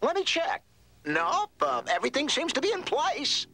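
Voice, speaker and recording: A man's voice: very high voice, huge pitch swings, normal speed, sharp tone, full character voice. A man voicing a bumbling, tongue-tied male cartoon dog who stammers. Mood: flustered. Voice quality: stammering, flustered.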